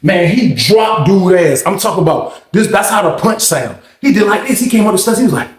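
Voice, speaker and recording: A man telling a story in a casual, animated way, acting out quotes and punch sounds. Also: sits high, a little fast. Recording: echoey room.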